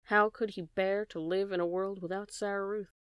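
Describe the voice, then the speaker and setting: Woman reading a children's book aloud, gentle and steady, crisp tone, dry close sound. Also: mid-range voice, normal speed, dry recording. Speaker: audiobook reader. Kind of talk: storybook narration.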